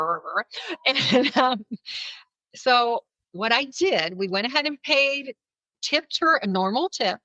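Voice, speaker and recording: A woman with a bright, forceful voice tells a personal story as a podcast guest, acting out the lines of people in it and laughing often. Her recording is dry, with little room sound, and a little muffled. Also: mid-range voice, no room sound. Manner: animated, laughs often, acts out quotes. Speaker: podcast guest, kindness speaker.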